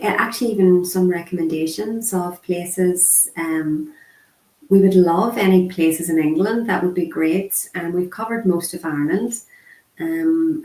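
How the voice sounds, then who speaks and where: A woman voicing a casual online sign language lesson, chatty and unhurried, with frequent ums. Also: lowish voice, mellow. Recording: echoey room.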